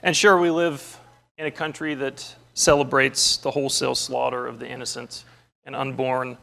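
A man's voice: mid-range voice, little pitch movement, normal speed, vocal fry, sharp tone. A man preaching a sermon, opening with a story and moving into earnest, emphatic teaching with scripture quotes.

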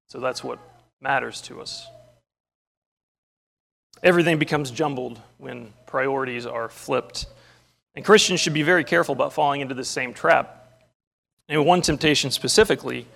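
A man's voice: medium pitch, creaky, a bit bright. A man preaching a sermon, opening with a story and moving into earnest, emphatic teaching with scripture quotes.

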